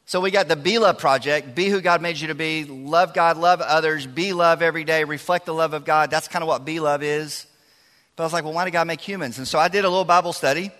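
A youth pastor delivers a sermon in a bright, forceful, slightly high voice at a brisk clip. He's chatty and lively, joking with the crowd, and his words ring out with long reverb through a large church hall.

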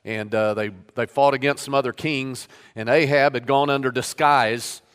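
Male pastor, mid-pitched, sermon reading with emphatic quotes; church hall reverb. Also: steady tone, normal speed, a bit bright, clear, resonant tone. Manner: reads scripture aloud with rising emphasis on quoted lines. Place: church sanctuary.

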